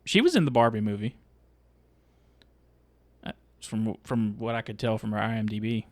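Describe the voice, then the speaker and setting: A man co-hosting a casual movie podcast, slowly working through his points with many restarts. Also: lowish voice, no echo. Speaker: podcast co-host. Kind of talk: casual movie review chat.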